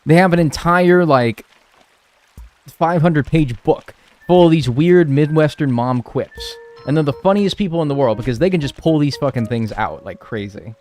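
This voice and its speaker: A man's voice: a little high, moderate pace, darkish tone. A young man streaming a video game, chatting casually and rambling, swearing freely as he talks. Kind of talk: casual stream chat while playing.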